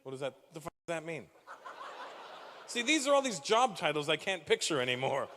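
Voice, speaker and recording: Male comic working the crowd, lively sing-song delivery, cheeky and profane, faint room hum. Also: a little high, long reverb tail. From Canada. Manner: teasing, profane, quick-fire questions to the audience. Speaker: stand-up comedian. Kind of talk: stand-up crowd work. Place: comedy stage before a live audience.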